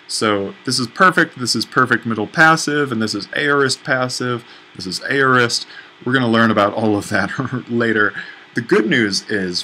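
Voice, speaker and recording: Bright-voiced man teaching at a whiteboard. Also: medium pitch, a little hiss or hum, rough recording. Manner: patient, explanatory, with small self-corrections. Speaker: Greek instructor. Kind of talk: whiteboard lesson.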